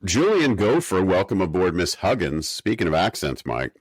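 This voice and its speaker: A man with a very low voice, recorded dry and close. He co-hosts a podcast in casual chat, given to wry, mock-academic rants. His tone stays easygoing and conversational. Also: big pitch swings, moderate pace, slightly rough, no room sound. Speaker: podcast co-host. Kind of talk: casual chat recapping an episode.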